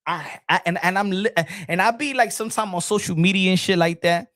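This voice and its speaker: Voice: mid-range voice, fairly quick, no echo, clean studio sound. A boxing podcast host, ranting casually in a profane, laughing way, with many restarts. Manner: animated, profane, laughs often, stumbles and restarts.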